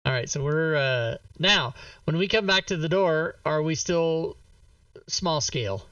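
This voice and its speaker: Player on a dull, distant mic. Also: male voice, fairly high pitch, animated, measured pace, sharp tone, dry recording. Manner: joking, laughs often. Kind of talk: casual tabletop game chat.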